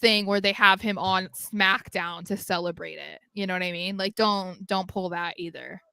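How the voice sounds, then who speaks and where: A woman's voice: mid-range voice, steady tone, moderate pace, creaky, bright, forceful tone, clear, resonant tone, no echo. A woman co-hosting a wrestling podcast, chatting casually and giving blunt opinions with frequent laughter. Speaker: co-host.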